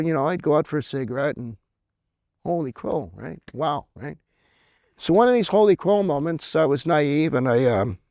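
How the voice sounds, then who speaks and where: A man's voice: a little high, a little mellow, no room sound. A middle-aged man telling a story at a convention, with lots of "right?" and laughs at his own tale. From Canada. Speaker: author speaking at a convention. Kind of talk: casual storytelling talk.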